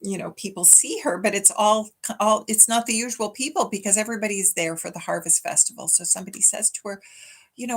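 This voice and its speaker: A woman's voice: medium pitch, a little fast, slightly rough. A woman church minister giving a weekly message, telling a children's story from memory in a chatty, affectionate way.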